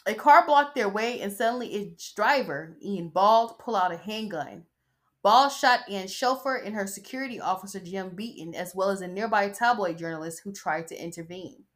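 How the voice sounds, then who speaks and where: A woman's voice: mid-range voice, normal speed. A woman hosting a podcast in a casual, sassy style, chatting and mocking as she reads an article aloud. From United States. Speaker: podcast host.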